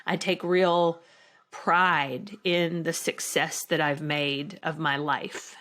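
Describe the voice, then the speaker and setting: A middle-aged actress talking slowly and reflectively as a podcast guest, with halting restarts. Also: female voice, deep voice, little pitch movement, a bit bright. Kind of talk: emotional interview conversation.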